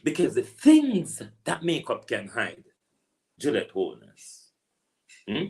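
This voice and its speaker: A man's voice: mid-range voice, wildly swooping pitch, slow pace, a little mellow. A man with a Jamaican accent, an online political commentator delivering a preachy, repetitive rant full of rhetorical asides. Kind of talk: ranting monologue.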